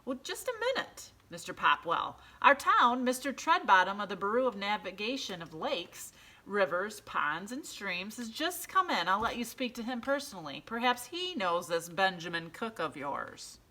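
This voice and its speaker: A woman voicing a confused male city hall clerk on the phone who keeps mishearing and speaks slowly and politely. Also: medium pitch, very animated, sharp tone, pitched above the performer's own voice. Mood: bumbling polite. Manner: slow, mishearing, overly polite.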